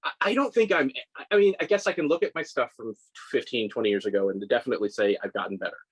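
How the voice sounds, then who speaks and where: A man's voice: mid-range voice, quick pace, slightly rough, rough recording. A man in his forties, a scale model maker, telling stories in a casual interview with lots of restarts and self-deprecating laughs. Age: 40s.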